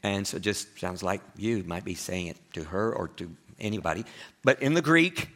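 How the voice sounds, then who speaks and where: A man with an East Texas accent preaching a sermon as pastor, chatty and full of questions to his listeners, with big swings in pitch and loudness for emphasis. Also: normal speed. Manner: conversational, asks the listeners frequent questions.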